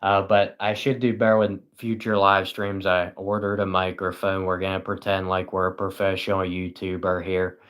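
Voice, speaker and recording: A man's voice: deep voice, completely flat delivery, moderate pace, few pauses, fairly bright tone, clear, resonant tone. A tired British man hosting a livestream, chatting casually and reading viewers' comments with dry, self-mocking sarcasm. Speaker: livestream host.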